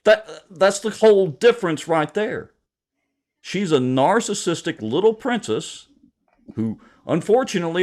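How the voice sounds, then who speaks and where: A man co-hosting a talk show, giving sarcastic, mocking political commentary. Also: on the high side.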